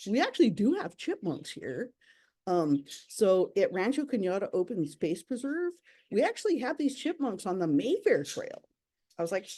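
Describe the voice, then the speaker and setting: A woman's voice: medium pitch, big pitch swings, normal speed, mellow, breathy edge. A young woman on park education staff, giving a bubbly, chatty virtual nature presentation over a computer microphone. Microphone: computer mic on a video call.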